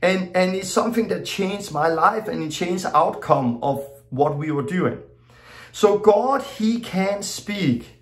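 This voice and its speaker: Man, preacher, middle-aged, informal teaching, non-native english, storytelling, roomy echo. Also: on the high side. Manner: storytelling, acting out his own exclamations; plain, loosely worded non-native English. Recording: echoey room.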